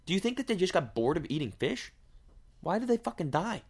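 A man's voice: sits high, very animated, brisk, darkish tone, husky. Profane, joking male podcaster. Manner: crude, profane, joking, rambling rhetorical questions. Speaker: podcast host. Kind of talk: casual comedic podcast monologue.

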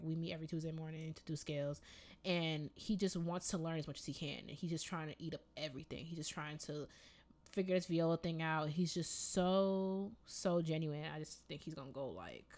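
A young woman in her twenties co-hosting a casual podcast chat, animated and slangy, laughing often. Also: low voice. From Jamaican family ties. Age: 20s. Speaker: podcast co-host.

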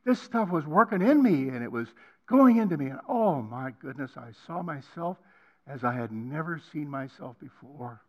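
An older man preaching a personal testimony on a college campus, swinging between hushed passages and loud emphatic ones. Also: a little high, lively intonation, moderate pace. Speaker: guest preacher.

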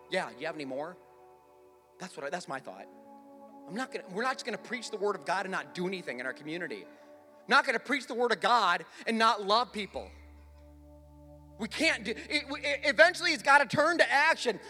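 A male pastor preaching a sermon from a church stage, swinging between loud urgent lines and hushed ones. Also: very high voice, big pitch swings, fairly quick, in a large hall, soft background music. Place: church sanctuary.

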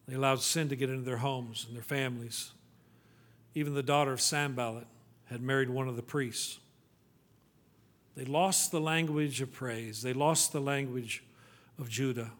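A male pastor preaching a sermon, pleading with rhetorical questions, then dropping to a quiet, low tone for scripture readings.

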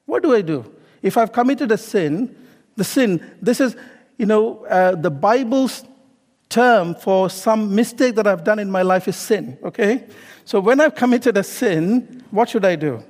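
Guy preaching, keeps asking the room questions, lots of okay and you know, high voice, long echo. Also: lively intonation, unhurried, darkish tone. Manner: calls out questions to the congregation. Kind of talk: sermon with personal story.

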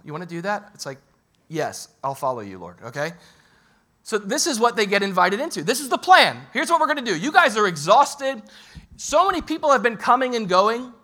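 A young man preaching a sermon as a pastor, lively and joking, talking straight to the congregation. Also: on the high side.

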